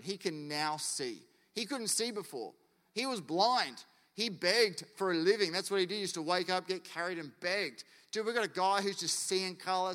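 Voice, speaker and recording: A man preaching a sermon, animated and acting out quotes and stories. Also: fairly high pitch. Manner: animated, acts out quotes and anecdotes. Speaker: pastor. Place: church hall. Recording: long church hall reverb.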